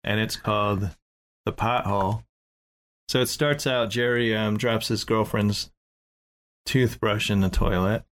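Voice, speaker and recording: Man, casual co-host, lowish voice, dry and brief. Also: steady tone, a little slow. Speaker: podcast co-host. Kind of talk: casual chat.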